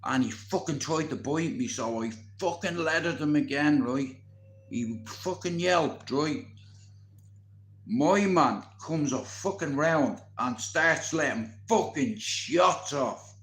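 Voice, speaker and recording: Excitable guy, lots of swearing, highish voice, roomy echo. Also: slow, slight background noise. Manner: swearing constantly, animated and excitable. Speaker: vlogger. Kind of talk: casual storytelling.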